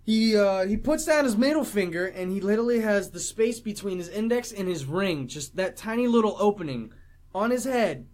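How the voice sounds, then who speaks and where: Man co-hosting a movie podcast, slightly high voice, joking, walks through scenes in detail. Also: lively intonation, moderate pace, darkish tone. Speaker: podcast co-host. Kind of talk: casual movie review chat.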